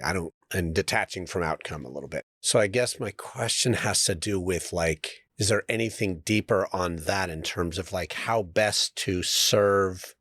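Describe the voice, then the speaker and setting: A man's voice: low-pitched, moderate pace, hardly any pauses, a bit bright, dry recording. A middle-aged man co-hosting a podcast, talking casually and searching for his words. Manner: rambling, searching for words, with laughs and fillers. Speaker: podcast co-host and actor. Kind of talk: casual chat.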